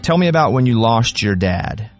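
A man hosting a radio countdown show, leading an interview in brisk, conversational patter. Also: mid-range voice, sing-song, over music.

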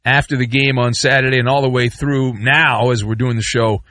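A man's voice: medium pitch, normal speed, no echo, studio quality. A middle-aged man hosting sports talk radio, ranting and joking with mock outrage and rambling asides. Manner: animated, rambling, sarcastic rants with mock outrage.

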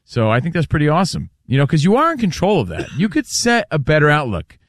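A male radio host chats in a casual, upbeat way. His pitch rises and falls a lot, sitting fairly high, and the studio sound is dry. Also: wildly swooping pitch, quick pace, no echo.

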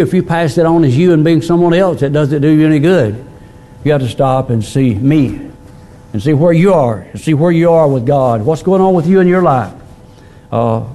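Male pastor, middle-aged, mellow tone; folksy sermon delivery with restarts and fillers. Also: mid-range voice. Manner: plain-spoken, repeats words, many fillers.

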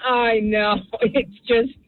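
A woman's voice: a little high, very slow. Older New woman on the phone. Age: 70s. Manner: animated, chatty storyteller. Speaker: caller. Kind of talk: phone-in storytelling. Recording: tinny phone line.

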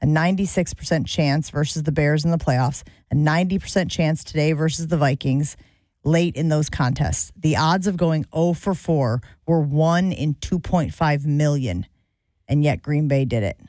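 Low-voiced woman hosting sports talk radio. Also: moderate pace, darkish tone, dry recording. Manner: conversational, takes calls, reads stats.

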